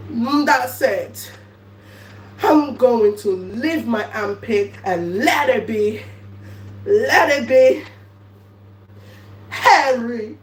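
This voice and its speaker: A woman in a drawn-out, repetitive, mock-wailing comedy riff, half singing her lines. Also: a little high, animated. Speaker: comedic content creator. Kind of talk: improvised sing-song comedy riff. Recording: echoey room, far from mic, faint hum.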